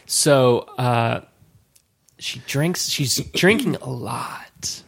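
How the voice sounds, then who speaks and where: A man in his late thirties telling a casual story as podcast co-host, rambling and halting with many restarts. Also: mid-range voice, animated, gravelly, a bit bright, breathy edge. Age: late 30s.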